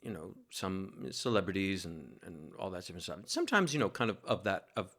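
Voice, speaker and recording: Laughing as he talks, a man from New York City shares an animated, self-deprecating tale during a casual interview. He speaks quickly, and his voice sits low.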